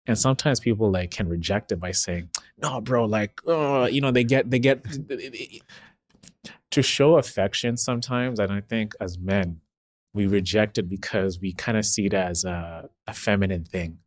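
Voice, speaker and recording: A man's voice: fairly low pitch, moderate pace, no echo. A man co-hosting a casual podcast, affirming and encouraging his friend. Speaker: podcast co-host. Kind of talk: casual conversation.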